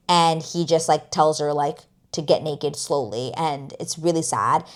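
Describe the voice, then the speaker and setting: A woman with a somewhat low voice talks through a TV series in a casual vlog review. She is outspoken and emphatic, piles up the word "like" and drops the odd swear. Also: moderate pace, few pauses.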